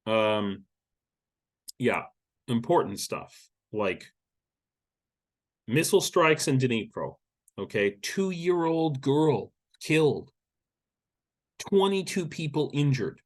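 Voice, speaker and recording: A man's voice: mid-range voice, animated, slow, pauses often. Blunt, profane man ranting. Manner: blunt, profane and sarcastic, with frequent laughs and restarts. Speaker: YouTube war-news commentator. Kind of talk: casual ranting commentary.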